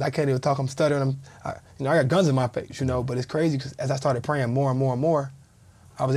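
Speaking at a medium pitch with a slightly mellow quality, this thirty-something ex-pro football player is a podcast guest. He spins a lively anecdote in relaxed conversation, performing each quoted line as he goes.

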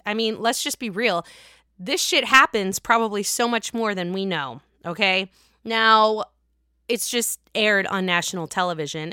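Profane, bright-voiced Pittsburgh woman podcaster. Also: medium pitch, no room sound, studio quality. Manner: chatty, profane, animated swings in loudness. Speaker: podcast host. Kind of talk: casual gossip commentary.

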